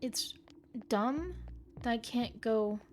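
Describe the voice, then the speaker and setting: Streamer woman, unhurried excitable commentary over faint game music. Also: on the high side. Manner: excitable, swears freely, reads game text aloud. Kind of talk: casual live game commentary.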